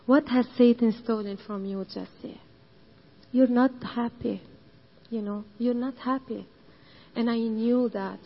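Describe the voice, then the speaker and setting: A Lebanese-accented woman, a church leader, gives her testimony in slow, deliberate English over a dull, lo-fi recording. Her voice sits fairly high and has a husky edge. She talks earnestly and repeats phrases, building them up to passionate emphasis. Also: fairly even intonation. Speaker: church leader speaking to women. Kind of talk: personal testimony sermon.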